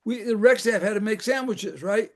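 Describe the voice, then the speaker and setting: An older man with a notably high voice tells camp stories in a loose, rambling way. He restarts his sentences often and laughs his way through the punchlines. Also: normal speed. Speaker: guest, former camp rec director. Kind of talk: casual storytelling chat.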